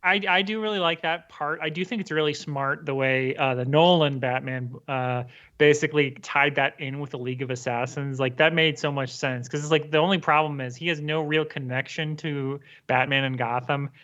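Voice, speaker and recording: A man's voice: a little high, fairly even intonation, normal speed, fairly bright tone, lo-fi sound. A man co-hosting a casual comic book podcast, easygoing and wry, talking in loose asides. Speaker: podcast co-host.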